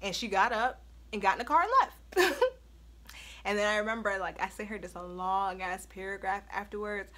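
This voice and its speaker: Young woman, bright voice, casual storytime vlog, blunt, swears a lot, laughs often. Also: mid-range voice, moderate pace. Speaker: storytime vlogger.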